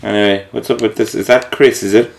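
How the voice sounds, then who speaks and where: A man's voice: lowish voice, steady tone, fast, creaky. Sarcastic man commenting on a game. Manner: sarcastic, laughing often. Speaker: co-host of a game playthrough. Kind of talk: casual let's-play commentary.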